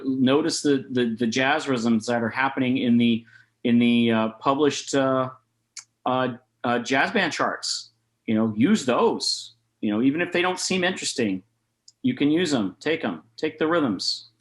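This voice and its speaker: A man in his thirties teaches jazz rhythm in an easygoing, chatty way over a video call, at a middle pitch. He talks loosely, with plenty of fillers, and scats rhythms aloud to show them. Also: unhurried. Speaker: jazz saxophone clinician. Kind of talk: online master class talk.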